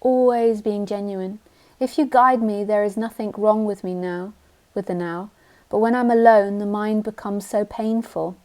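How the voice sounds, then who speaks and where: A woman's voice: mid-range voice, steady tone, normal speed, hardly any pauses, warm tone. A woman spiritual teacher giving a live talk, blunt and direct, sometimes mocking the mind in silly voices.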